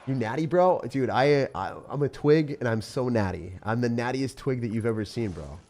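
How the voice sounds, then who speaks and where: A man's voice: medium pitch, normal speed, a little mellow. A young man streaming a game live, joking at his own expense and answering chat. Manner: self-mocking, jokey, reads and answers chat.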